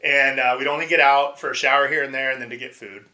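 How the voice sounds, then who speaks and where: A middle-aged man, a former pro baseball player, telling stories as a podcast guest, animated and acting out quotes with frequent restarts. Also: mid-range voice, fast talker. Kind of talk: casual storytelling interview.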